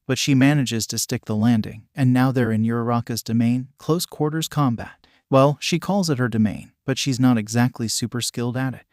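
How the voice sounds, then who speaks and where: Man, fan fiction narration, even delivery, medium pitch, dry close recording. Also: no room sound. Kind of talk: reading a fan fiction story aloud.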